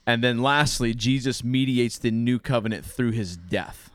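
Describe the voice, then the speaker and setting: American pastor dude chatting on a podcast, rambly, laughs a lot, mid-pitched voice. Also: male voice, a bit bright, no room sound. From United States. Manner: rambling, self-interrupting, quick to laugh. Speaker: pastor and preacher. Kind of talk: casual chat.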